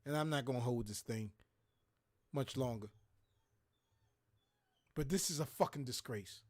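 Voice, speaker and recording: A man's voice: mid-range voice, measured pace, darkish tone. A man hosting a livestream, ranting in a heated, profane, preachy way. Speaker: show host. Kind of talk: impassioned livestream rant.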